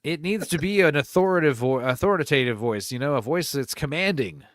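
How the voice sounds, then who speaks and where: Animated, swearing podcast co-host man. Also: on the high side, a little fast, no room sound, studio quality. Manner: animated, swears freely, jumps into mock voices. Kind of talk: casual chat.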